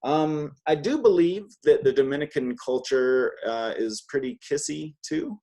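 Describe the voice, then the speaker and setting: A man's voice: fairly high pitch, a little slow, mellow. A man teaching a one-on-one beginner Spanish lesson, chatty and patient, modeling words for his student to repeat.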